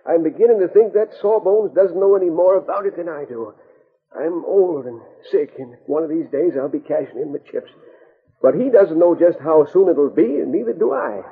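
Old frontier grandpa, folksy drawl, husky and high, tinny old radio sound. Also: male voice, moderate pace, exaggerated voice. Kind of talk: 1950s radio drama acting.

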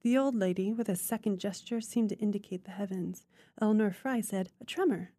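A woman reading a literary short story aloud in a measured, unhurried way. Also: mid-range voice, fairly even intonation, warm tone, dry recording, clean studio sound. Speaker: guest reader.

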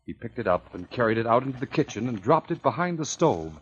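Husky man narrating an old radio adventure. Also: mid-range voice, big pitch swings, fast. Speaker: narrator and announcer. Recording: muffled old radio recording.

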